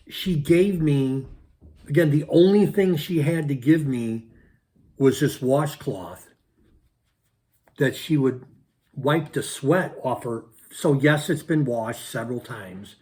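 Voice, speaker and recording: A man hosting his own channel, telling a personal story to his viewers in an animated, repetitive way with punchy sound words. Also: medium pitch, takes it slowly, pauses often. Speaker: channel host.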